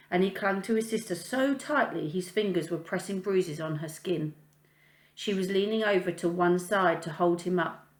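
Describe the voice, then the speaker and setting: Woman teacher, calm read-aloud narration, lowish voice, roomy echo. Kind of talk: reading a children's novel aloud. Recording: echoey room.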